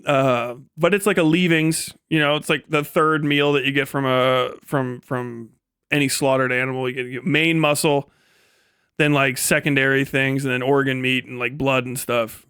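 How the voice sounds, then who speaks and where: A man's voice: mid-range voice, fairly even intonation, normal speed, fairly bright tone, clean tone, no echo, studio quality. A man chatting casually on a live stream, rambling and swearing often and breaking into laughs.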